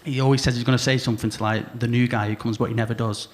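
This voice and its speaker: A young man with a Salford accent doing a rambling stand-up set, laddish and quick to mimic people. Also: medium pitch, flat delivery. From Salford, England. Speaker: new act comedian. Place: comedy club stage.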